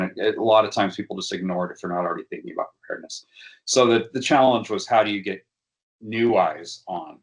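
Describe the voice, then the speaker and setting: A man giving a workshop presentation, talking hesitantly with frequent fillers and restarts. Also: low-pitched. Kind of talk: educational workshop talk.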